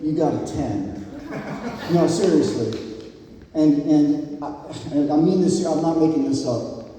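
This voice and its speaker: A man's voice: a little high, measured pace, slight background noise. A man in his fifties giving a rambling, joking and sentimental wedding toast as the groom's old friend. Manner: rambling, joking, sentimental, shouts out crowd cheers. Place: wedding reception hall. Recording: echoey hall, mic from a distance.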